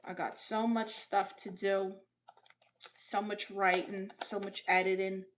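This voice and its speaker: A woman's voice: mid-range voice, little pitch movement, takes it slowly, slight background noise, natural voice. A woman playing a sassy, doting middle-aged aunt on a comedy livestream, greeting viewers and reading chat aloud with big swoops in her voice. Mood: chatty. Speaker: livestream host in character. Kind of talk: live-chat comedy stream. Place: bedroom.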